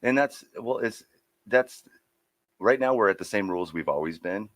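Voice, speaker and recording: Deep-voiced man, dry close sound. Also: lively intonation, moderate pace, fairly bright tone, no room sound. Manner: teasing, businesslike about rules. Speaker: co-host. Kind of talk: casual livestream chat.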